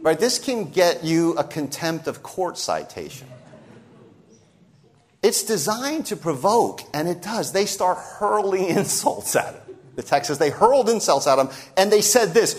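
A male preacher in full sermon, his voice sitting high for a man and swinging widely up and down. He speaks straight to his listeners and slips into the voices of the people in the story he tells. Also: unhurried. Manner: animated, sweeping pitch and loudness, acts out quoted voices.

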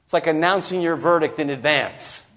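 A man preaching a sermon, talking straight to his listeners and acting out the voices in the story he tells. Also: moderate pace. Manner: animated, sweeping pitch and loudness, acts out quoted voices.

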